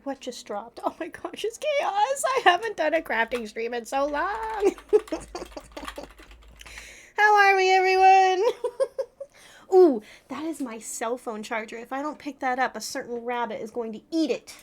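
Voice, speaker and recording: A woman's voice: high voice, expressive, slow, slight background noise. A woman streamer chatting casually with her live audience, flustered and giggling often. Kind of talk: casual livestream chat.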